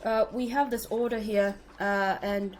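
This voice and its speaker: A woman's voice: mid-range voice, steady tone, a little slow, voice pushed up, natural voice, poor audio. A woman voicing a nervous male city guard in a tabletop game, hesitant and stumbling over his words. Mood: flustered. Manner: hesitant, full of uhs.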